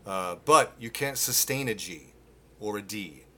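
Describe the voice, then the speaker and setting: A man teaching singing live, explaining technique with restarts and breaking into loud sung demonstrations. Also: fairly low pitch, expressive, unhurried. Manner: demonstrates with loud sung grunts and vocal exercises. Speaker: vocal coach. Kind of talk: live-streamed singing lesson. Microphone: phone.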